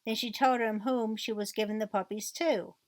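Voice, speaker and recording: A woman narrating a true crime essay video, reading court and book quotes in a steady read-aloud manner. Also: a little high, moderate pace, no echo.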